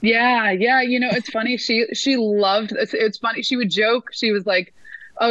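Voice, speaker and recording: Woman, sports announcer, casual interview, rambling lively storytelling, dry sound, slightly dull audio. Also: medium pitch, no room sound. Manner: lively storyteller with many fillers and restarts.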